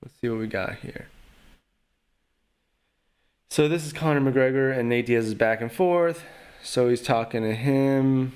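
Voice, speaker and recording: A man's voice: medium pitch, measured pace, long pauses, darkish tone, smooth. A man hosting his own podcast, talking casually and rambling, with a trash-talking streak. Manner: rambling, trash-talking, lots of fillers like "you know". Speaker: podcast host. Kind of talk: casual solo podcast commentary.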